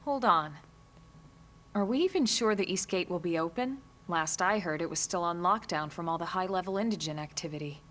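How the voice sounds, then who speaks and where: An actress playing a steady, capable squad leader who talks in a brisk, level-headed way. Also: female voice, lowish voice, lightly acted. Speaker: game character, squad leader. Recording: game audio with faint music.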